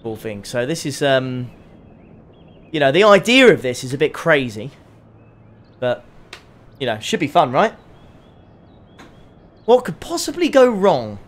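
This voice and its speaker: A man commentating his own sim race on a live stream, excitable and chatting to his viewers. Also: medium pitch, measured pace, long pauses. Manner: excitable, laughs often, chats to viewers.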